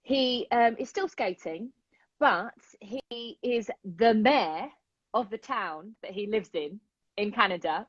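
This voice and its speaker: A woman's voice: mid-range voice, slow pace, dry recording. A British woman co-hosting a casual chat, gushing and giggly as she tells stories. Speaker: co-host. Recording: dull lo-fi live stream sound.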